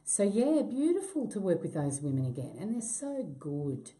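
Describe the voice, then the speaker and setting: Mellow, lively actress. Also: female voice, medium pitch, normal speed. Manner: self-deprecating, laughs easily, lively swings in tone. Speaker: actress and guest. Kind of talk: live online Q&A chat.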